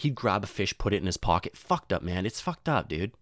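A man's voice: low voice, quick pace, a bit bright, no room sound, studio quality. A young man rambling through a profane, slangy story in casual monologue, often jumping into voices for the people in it.

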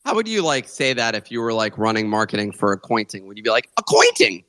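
A man co-hosting a casual podcast, jokey and quick to laugh, often restarting his sentences. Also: lowish voice, very animated, pushed and bright, no room sound. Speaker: co-host.

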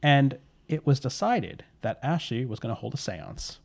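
A man's voice: medium pitch, sing-song, moderate pace, vocal fry, a little mellow. A man telling a spooky story in casual podcast chat, rambling with fillers and correcting himself.

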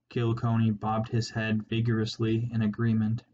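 Guy reading a storybook aloud, slow and steady, kinda muffled with a bit of hiss. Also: on the low side. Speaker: narrator. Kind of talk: audiobook narration. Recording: slightly muffled with faint hiss.

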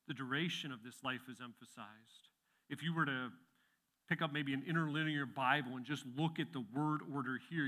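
A man's voice: medium pitch, sharp tone. A middle-aged male pastor delivering a sermon, swelling with emphasis on key phrases and sometimes restarting words.

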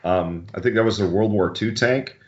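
A man with a very low voice chats casually as a podcast co-host. He wanders off on tangents and fixes his own words as he goes. The sound is dull and lo-fi. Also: normal speed. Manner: rambling, tangents, self-correcting.

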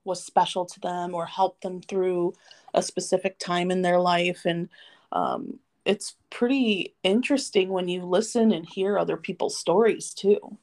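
A woman's voice: on the low side, steady tone, measured pace, a little mellow. A woman co-hosting a podcast, chatting casually and adding brief supportive remarks. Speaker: podcast co-host.

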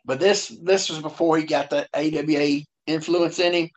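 Hesitant man, fairly high voice. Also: steady tone, moderate pace. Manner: agreeable, hesitant, trails off. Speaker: podcast co-host. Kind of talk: casual wrestling chat. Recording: dull lo-fi sound.

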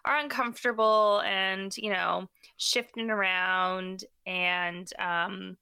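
A woman's voice: mid-range voice, steady tone, slow pace, creaky, bright, forceful tone, clean tone, no echo. A pregnant young woman co-hosting a podcast in casual chat, rambling with lots of fillers. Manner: chatty, rambling with many fillers. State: pregnant and tired. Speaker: podcast co-host.

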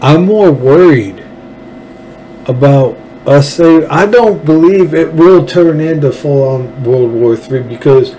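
Folksy Texan man ranting slowly. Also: fairly high pitch, warm tone, a little hiss or hum, low-quality recording. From Texas. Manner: folksy, fervent, rambling with restarts. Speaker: show host. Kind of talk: political commentary monologue.

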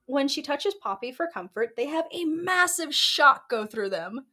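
A woman with a high, bouncy voice chats casually on a podcast. She recaps a story and breaks into giggles and dry little asides. Her pitch swings widely from line to line. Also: expressive, normal speed, bright, forceful tone. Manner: dry quips. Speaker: podcast co-host. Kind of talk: casual book recap chat.

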